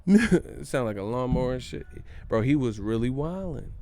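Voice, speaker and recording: A man's voice: medium pitch, dark tone. A man hosting a casual commentary vlog on his channel, slangy and joking, laughing often. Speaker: boxing channel host.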